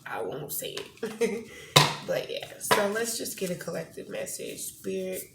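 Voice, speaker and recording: A woman's voice: mid-range voice, sing-song, unhurried, creaky. A woman reading tarot cards casually to camera, rambling and candid, swearing now and then. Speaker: tarot reader. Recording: echoey room with faint noise.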